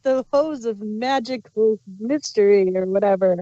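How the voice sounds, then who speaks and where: A woman co-hosting a casual review chat, chiming in with quick joking remarks. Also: medium pitch, warm tone. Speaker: podcast co-host. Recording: dry, slightly dull lo-fi audio.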